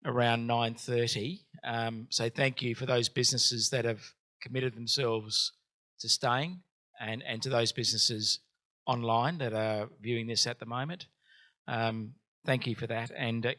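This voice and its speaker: A man's voice: medium pitch, fairly bright tone. A man hosting a business workshop, telling a personal story with frequent ums and uhs. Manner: hesitant, many ums and uhs. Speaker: event host.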